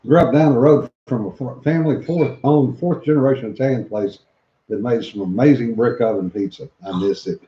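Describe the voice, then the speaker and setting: A man's voice: mid-range voice, normal speed. A man co-hosting a casual chat show, reading viewer comments aloud with frequent laughs. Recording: echoey muffled room.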